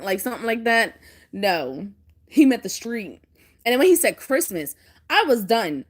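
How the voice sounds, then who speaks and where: Lively laughing woman telling stories. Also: a little high, measured pace, long pauses, slightly rough. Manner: animated, laughs often while telling stories. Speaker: vlogger. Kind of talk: casual storytelling chat.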